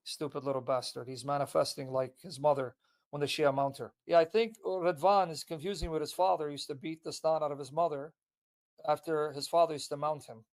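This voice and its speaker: A man's voice: on the high side, fairly even intonation, fairly quick. A man delivering a hostile, insulting tirade on a livestream. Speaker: online commentator. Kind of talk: livestream rant.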